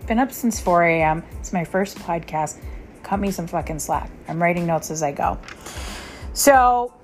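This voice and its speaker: A woman's voice: on the low side, moderate pace, faint music behind. A woman hosting her first solo podcast, swearing freely and talking bluntly and emphatically straight to her listeners, tired after an early start. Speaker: podcast host. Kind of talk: raw unscripted solo podcast rant.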